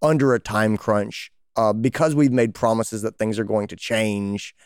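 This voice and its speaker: A man co-hosting a podcast, talking casually and animatedly, often jumping up in pitch when he acts out what other people say. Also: fairly even intonation, measured pace, clean tone, no echo, studio quality. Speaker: podcast co-host, veterinarian.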